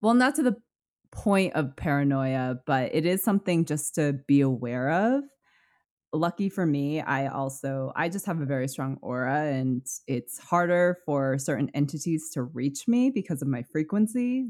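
A woman co-hosting a podcast, talking in a relaxed, conversational way. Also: low voice, normal speed. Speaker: podcast co-host. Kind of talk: casual chat.

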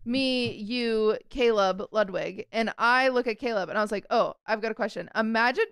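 A woman's voice: on the high side, normal speed, fairly bright tone, smooth, dry recording, clean studio sound. Giggly rambling young woman podcaster. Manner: giggly, rambling, trips over words. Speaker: podcast co-host. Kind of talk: casual chat.

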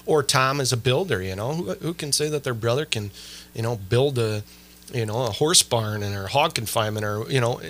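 A man hosting a casual podcast chat, telling animated family stories with lots of fillers and restarts. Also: medium pitch, a little fast. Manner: animated storyteller, many fillers. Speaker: podcast host.

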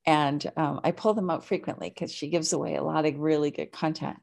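A woman's voice: sits low, steady tone, brisk, vocal fry, darkish tone. A woman hosting a podcast, talking in a chatty, casual way with lots of fillers. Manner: chatty, many "like" fillers, laughs easily. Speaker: podcast host.

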